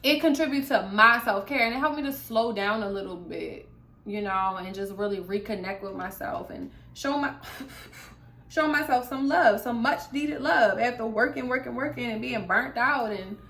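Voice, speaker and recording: A woman's voice: on the high side, moderate pace, bright, forceful tone. A young woman vlogger in candid, casual chat, chatty and full of asides. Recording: echoey room.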